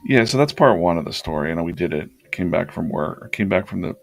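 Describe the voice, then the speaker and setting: Gravelly low-voiced man telling a rambling story. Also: lively intonation, fast, faint music behind. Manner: rambling, anecdotal, many fillers and restarts. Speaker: artist hosting a live drawing stream. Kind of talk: casual storytelling on a live stream.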